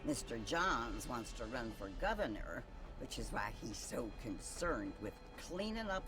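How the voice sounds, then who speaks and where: A woman's voice: very deep voice, big pitch swings, a little slow, full character voice. Genteel prim woman. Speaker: game character. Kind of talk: video game cutscene acting. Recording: game audio with music.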